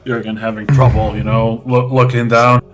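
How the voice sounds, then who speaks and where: A man playing a tabletop role-playing game, speaking in character in a halting way as he searches for words. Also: mid-range voice, little pitch movement, faint music behind. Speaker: player.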